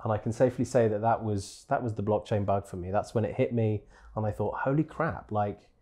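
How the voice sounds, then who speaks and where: Low, mellow-voiced man telling a story. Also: quick pace. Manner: animated storytelling, self-deprecating. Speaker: interview guest, crypto exchange executive. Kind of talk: conversational interview. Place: conference venue.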